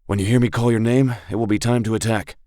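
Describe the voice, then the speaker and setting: Brief: level-headed male rogue, read by a man, calm and tactical. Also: on the low side, fast, dry recording, clean studio sound, voice pushed up, natural voice. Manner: calm, planning.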